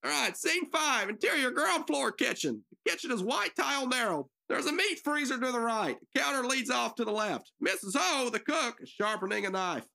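Giggly, gravelly-voiced woman narrator. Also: a little high, lively intonation, moderate pace, few pauses, sharp tone. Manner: giggly, joking asides. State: nervous. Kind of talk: reading stage directions for an amateur radio drama.

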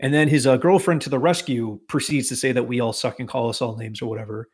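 A man from Massachusetts tells a story on a casual podcast. He is animated and profane. He acts out the people in his story in quick put-on voices. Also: mid-range voice, breathy edge. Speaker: podcast host telling a work story.

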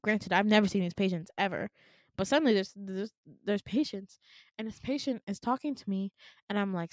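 A woman's voice: mid-range voice, moderate pace, dry recording, studio quality. A woman co-hosting a podcast, telling a dream in casual chat, acting out the lines of people in it with swearing and laughter. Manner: animated, acts out quotes with swearing and laughs.

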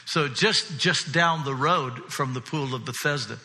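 A pastor preaches a sermon to a congregation in a church hall, the large space giving the recording a long reverb. His medium-pitched voice runs a little slow, and he stays animated and conversational, often checking in with listeners by asking "right?"

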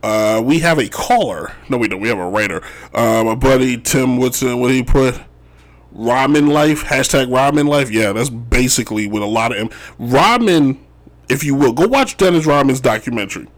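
A man's voice: mid-range voice, lively intonation, normal speed. A man hosting a casual sports talk show, rambling and joking about basketball moves, often tossing in "if you will.". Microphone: wearing Chicago sports gear.

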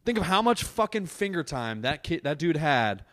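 A young adult man hosting a casual solo podcast, telling an animated, exaggerated story and swearing constantly while sitting on a couch indoors. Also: on the high side, moderate pace. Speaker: podcast host.

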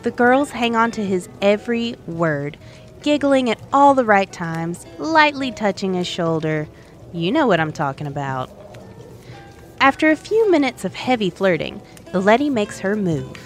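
Chatty woman narrator, lively pitch, faint music bed. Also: normal speed. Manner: playful, conversational. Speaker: storyteller. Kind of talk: narrating an adventure story.

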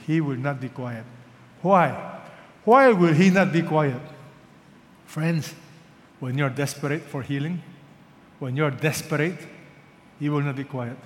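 A man preaching a sermon as pastor, swinging from urgent, loud peaks to hushed lows and asking his listeners questions. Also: a little slow, pauses often. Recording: reverberant hall with faint background noise.

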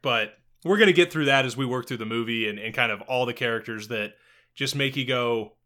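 A man co-hosting a casual podcast about a movie, animated and profane, laughing often. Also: mid-range voice, a little fast. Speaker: podcast co-host. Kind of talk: casual film discussion.

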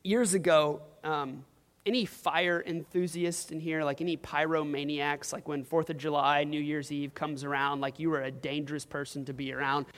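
High-voiced young preacher. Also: male voice, flat delivery, moderate pace, fairly bright tone. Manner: casual storytelling with frequent "like" and "um". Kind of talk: sermon. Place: church hall. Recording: long reverb of a hall.

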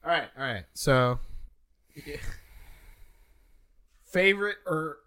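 A man's voice: fairly high pitch, expressive, takes it slowly, sharp tone. A young man hosting a podcast in casual chat, teasing his co-host, swearing and laughing often.

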